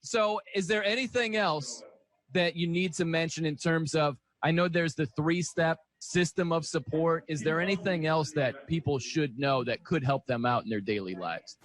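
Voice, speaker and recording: A man's voice: a little high, normal speed, a bit bright, no echo. A man hosting a sports radio show, asking questions casually and joking about himself. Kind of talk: radio interview.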